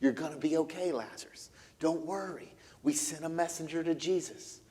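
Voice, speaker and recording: A man voicing a grieving sister who softly soothes her dying brother in a hushed voice. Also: a little high, level tone, brisk, close to an everyday voice. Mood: soothing.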